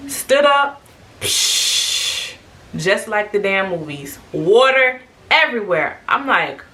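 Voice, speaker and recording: A young woman telling a story in a casual, animated way, acting out what people said. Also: mid-range voice, unhurried, recorded from a distance, poor audio. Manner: animated, lively, quotes people in raised voices. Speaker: vlogger.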